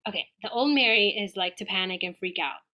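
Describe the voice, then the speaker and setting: A woman guest on a podcast telling a personal story in a casual, animated way, acting out her own quoted dialogue. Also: mid-range voice, fairly quick.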